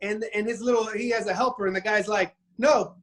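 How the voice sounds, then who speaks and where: A man's voice: high-pitched, steady tone, a little fast. Rambling man retelling a Bible story. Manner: rambling storyteller, frequent restarts and acted quotes.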